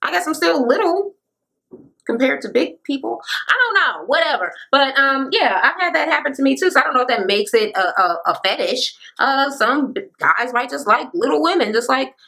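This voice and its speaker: A woman's voice: high-pitched, expressive, moderate pace, gravelly, pushed and bright. A woman giving a blunt, profane, sassy rant recapping a reality show.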